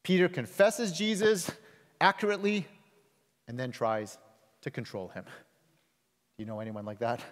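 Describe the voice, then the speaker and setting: A man's voice: fairly even intonation, moderate pace, pauses often. Man preaching in a reverberant hall. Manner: emphatic, swings between loud rises and soft low drops. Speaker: pastor. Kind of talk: sermon. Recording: long reverb of a large hall.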